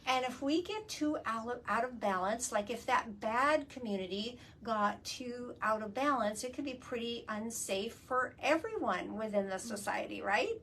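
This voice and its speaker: A woman's voice: a little high, animated, moderate pace, few pauses, a bit bright. A woman hosting a casual live video chat from a work studio. She explains things eagerly and uses many fillers. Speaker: host. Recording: distant mic, faint ambient noise.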